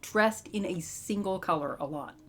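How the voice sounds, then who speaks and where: A woman's voice: on the low side, normal speed. A woman chatting casually about a comic, giggly, with crude banter. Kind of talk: casual comic-reading chat.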